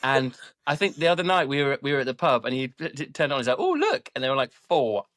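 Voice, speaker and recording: A man's voice: mid-range voice, fast talker, no room sound. A man co-hosting a podcast, chatting casually with plenty of hesitations and fillers. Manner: hesitant, lots of fillers, lively storytelling. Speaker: podcast host. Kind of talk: casual chat.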